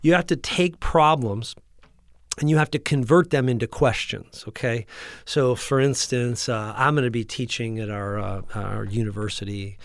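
A man host coaching an audience in an energetic teaching talk, often checking in with his listeners and restarting his sentences. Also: medium pitch, moderate pace, no echo, studio quality. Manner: frequent restarts and repeated words. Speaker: practice growth coach and podcast host.

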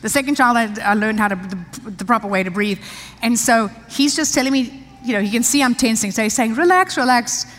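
A woman's voice: a little high, fairly quick, a bit bright. Chatty woman preacher in a reverberant hall. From South Africa. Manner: chatty, laughing often, many restarts. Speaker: pastor. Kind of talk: sermon with personal story. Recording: long reverb of a large hall.

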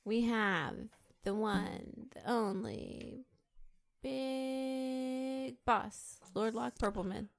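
A woman's voice: fairly high pitch, very slow, creaky. A woman hosting a casual podcast, playful and drawling, laughing between lines as she introduces her co-hosts. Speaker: podcast host.

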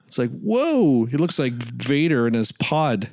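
A man co-hosting a podcast in casual chat, joking and jumping in with quick remarks. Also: mid-range voice, no echo, studio quality. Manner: animated, quick interjections, joking. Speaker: podcast co-host.

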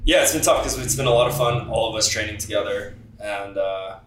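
A man's voice: fairly low pitch, brisk, a little hiss or hum. A man hosting a podcast, introducing guests and chatting in an easygoing way. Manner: easygoing, relaxed. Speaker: podcast host. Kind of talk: casual podcast intro and chat. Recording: roomy echo.

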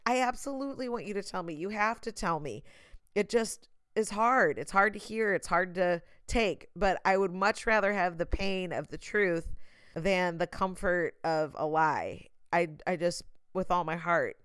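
A woman's voice: on the low side, clean tone, dry recording. A woman hosting a podcast, talking through a heartfelt, reflective monologue and acting out bits of conversations. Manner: earnest, heartfelt, acts out quoted exchanges. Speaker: podcast host.

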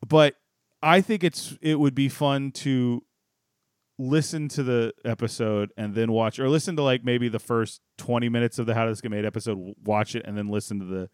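Smooth-voiced man chatting casually. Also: mid-range voice, normal speed, dry recording, clean studio sound. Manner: rambling, animated retelling with many restarts. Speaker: podcast co-host. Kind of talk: casual chat.

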